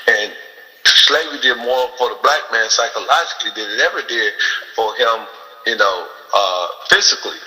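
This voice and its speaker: Male host, AAVE, bright cutting voice, preachy rhetorical questions, reverby room. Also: medium pitch, normal speed. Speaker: podcast host. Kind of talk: casual political talk.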